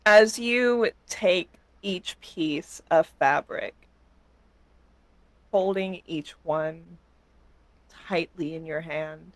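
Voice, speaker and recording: A woman narrating as game master in a tabletop game, slow and deliberate. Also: on the low side, dry recording, poor audio.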